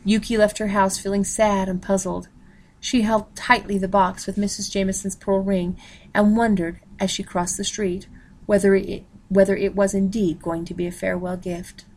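A woman reading a novel aloud at a steady pace, pausing to announce page numbers. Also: mid-range voice. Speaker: reader.

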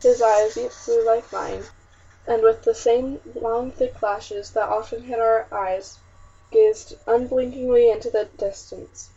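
A woman's voice: a little high, fairly even intonation, measured pace, dark tone, husky. Woman reading a historical novel aloud. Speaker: audiobook narrator. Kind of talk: scripted first-person narration of a historical novel. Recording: muffled, slightly distant recording.

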